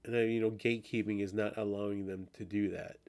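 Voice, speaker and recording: A man's voice: fairly low pitch, level tone, fast, darkish tone. A man hosting a podcast in casual chat, rambling and swearing often, with many restarts. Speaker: podcast host.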